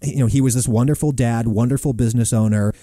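A man's voice: mid-range voice, fast, dry recording, clean studio sound. A man hosting a podcast in casual chat, talking emphatically and getting worked up about details. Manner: emphatic, excitable about pronunciation. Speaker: podcast host.

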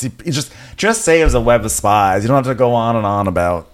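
A man's voice: mid-range voice, expressive, quick pace, hardly any pauses, clean tone. A man co-hosting a comedy podcast, recapping a TV episode in a wry way and laughing often. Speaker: podcast co-host.

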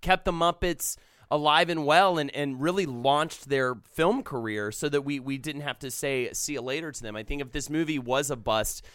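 A man's voice: a little high, moderate pace, fairly bright tone, smooth, no room sound, clean studio sound. A man co-hosting a podcast, chatting with enthusiasm and restarting his sentences often. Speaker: podcast co-host. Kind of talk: casual podcast chat.

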